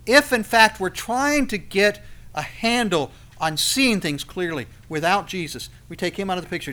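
A man preaching a sermon with a bright, forceful voice that sits a little high. He swings between loud, emphatic peaks and quiet, intimate stretches, stopping now and then to act out the people he quotes. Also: expressive, normal speed.

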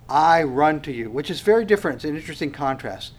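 A man's voice: fairly high pitch, expressive, fast talker, hardly any pauses. A man preaching an expository sermon as a pastor, earnest and emphatic, often restarting and repeating words as he explains a passage.

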